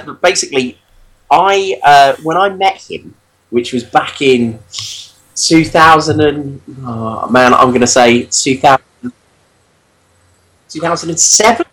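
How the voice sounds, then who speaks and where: A man co-hosting a podcast, telling stories in a lively, self-deprecating way. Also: mid-range voice, slight background noise, low-quality recording. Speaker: podcast co-host. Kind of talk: casual chat.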